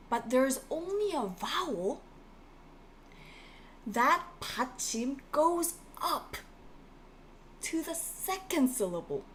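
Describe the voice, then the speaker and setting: A woman's voice: on the high side, slight background noise. Encouraging woman teaching a live lesson. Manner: encouraging, repeats key words, reads viewer comments. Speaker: Korean language teacher. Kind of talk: live-streamed online lesson.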